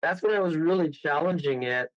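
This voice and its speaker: A man from Toronto, a guest medium, telling a rambling, excitable story with bursts of laughter. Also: fairly high pitch, brisk, no room sound. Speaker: guest medium and paranormal investigator. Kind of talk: casual storytelling on a radio call. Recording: dull lo-fi radio audio.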